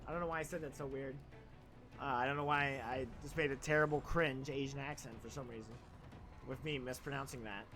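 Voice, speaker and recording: A man's voice: mid-range voice, steady tone, a little fast, a bit bright, faint music behind. A young man streaming a game, chatting casually in a rambling, crude, joking way. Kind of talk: casual live-stream chat while gaming.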